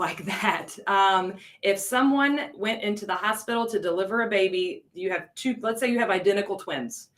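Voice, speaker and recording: A woman's voice: mid-range voice, fairly bright tone. An American woman coordinating an ESL program, teaching on a casual live stream, chatty, laughing often and answering viewers' comments.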